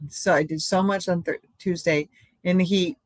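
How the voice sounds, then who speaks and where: A woman's voice: fairly low pitch, fairly even intonation, moderate pace, no echo. An older woman hosting a casual live stream, chatting in a rambling way from home and laughing often.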